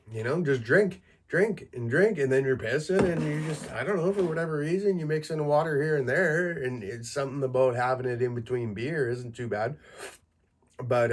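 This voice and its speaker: A man's voice: mid-range voice, moderate pace. A man in his thirties from Canada, a podcast host telling crude, self-mocking stories in a casual monologue and laughing through them. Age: 30s.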